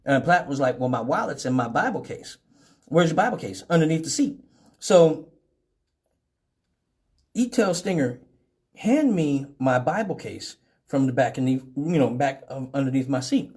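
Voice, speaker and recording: A man hosting a live show, from Detroit, telling profane stories with animated voices for each person in them. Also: mid-range voice, a little slow, long pauses. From Detroit, Michigan. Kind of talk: casual storytelling.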